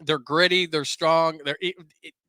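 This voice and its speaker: High, bright, animated man telling stories. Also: normal speed, no room sound. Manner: animated, bursts into shouts when quoting. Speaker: sports radio broadcaster, guest. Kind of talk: casual podcast chat, storytelling.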